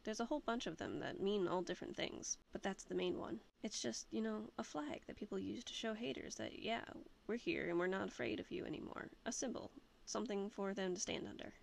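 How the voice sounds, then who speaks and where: A woman's voice: medium pitch, fairly quick, gravelly, hardly any pauses, slight background noise. A woman voicing an encouraging young woman friend who talks in a chatty, upbeat way. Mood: earnest.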